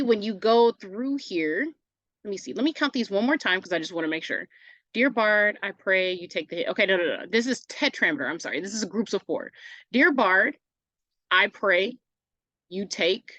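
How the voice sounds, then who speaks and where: A woman's voice: mid-range voice, a bit bright, no echo, highs cut off. A woman teacher giving a recorded online English lesson, casual and self-correcting, often asking "right?" as she goes.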